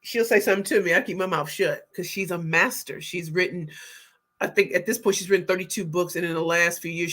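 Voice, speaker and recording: Woman, middle-aged, livestream host, bright and forceful, energetic, exclamatory. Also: lowish voice. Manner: energetic, exclamatory, shouts out viewers by name. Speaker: livestream host, book pitch coach. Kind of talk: casual livestream chat reading comments.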